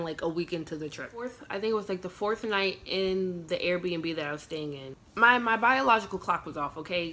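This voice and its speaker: A woman's voice: fairly low pitch, bright, forceful tone, a little hiss or hum. A young woman from the United States telling a long personal story in a casual, rambling way, full of fillers and quoted dialogue. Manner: chatty, filler-heavy retelling with quoted dialogue. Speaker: vlogger.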